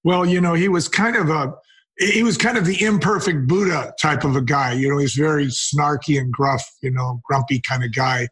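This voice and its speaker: A man's voice: a little high, moderate pace, husky. An older man, a wine company co-founder, telling anecdotes in a casual interview. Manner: anecdotal, quotes people in lively retellings.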